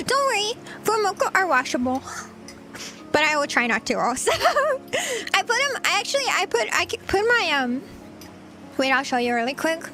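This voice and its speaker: A woman's voice: extremely high pitch, bright, forceful tone. A woman VTuber streamer chatting casually with viewers while she eats, giggly and rambling. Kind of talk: casual livestream chat.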